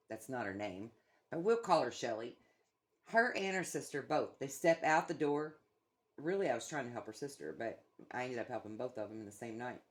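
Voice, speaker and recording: A middle-aged woman chatting casually, a blunt, profane storyteller who swears freely. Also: rumbling low. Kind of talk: casual chat.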